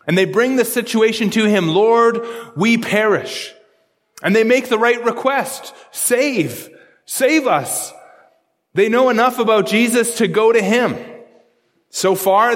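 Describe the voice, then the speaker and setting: A man's voice: high voice, in a large hall. A male pastor preaching a sermon, earnest and explanatory, often repeating words as he works through a passage.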